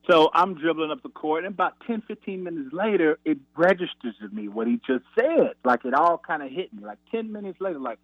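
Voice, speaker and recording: A former college basketball player, male and fairly high-pitched, recounts a practice story on radio a little fast with hardly any pauses. He's animated and raises his voice when acting out quotes, heard through a tinny, dry phone line.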